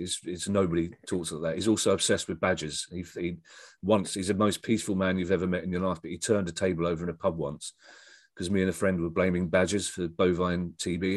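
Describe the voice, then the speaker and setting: Husky, low-voiced man. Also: fast, no echo. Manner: rambling, with frequent restarts and self-deprecating asides. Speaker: comedian and writer, guest. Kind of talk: casual storytelling chat.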